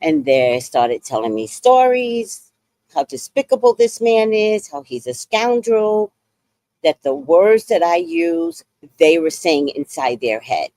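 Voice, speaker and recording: A woman with a low voice tells her story on a livestream, her pitch swinging widely from phrase to phrase. She talks bluntly and curses freely in a dry, close-sounding recording. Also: slow pace, no echo. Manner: blunt, animated, profane. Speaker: livestream host.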